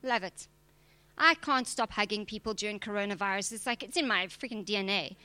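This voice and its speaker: A woman's voice: medium pitch, brisk, pushed and bright, no echo. A woman preacher, giving a direct, emphatic sermon with touches of humor. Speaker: preacher and church leader.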